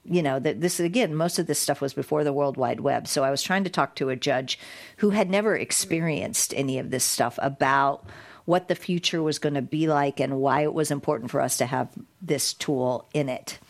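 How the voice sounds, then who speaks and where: A woman guest in an interview, telling a story in a lively, animated way with frequent restarts. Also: low-pitched, moderate pace. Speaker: guest, digital rights advocate. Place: recorded in San Francisco.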